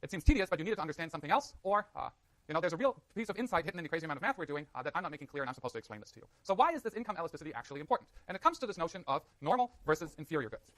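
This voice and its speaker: Rapid-fire animated male lecturer. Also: fairly high pitch, dry recording. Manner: fast, animated, jokey asides to students. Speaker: university lecturer. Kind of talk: classroom lecture.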